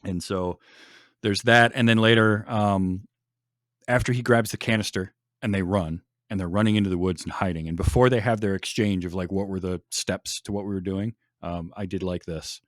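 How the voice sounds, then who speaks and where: A man's voice: low voice, steady tone, normal speed, dry recording, studio quality. A man hosting a podcast in casual chat, enthusiastic, laughing often and restarting his sentences. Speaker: podcast host.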